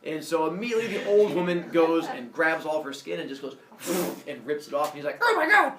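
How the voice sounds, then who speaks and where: A man's voice: on the high side, fairly quick, a little hiss or hum. A male teacher retelling a myth to his class in a playful, jokey way, acting out the characters. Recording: echoey classroom from far off.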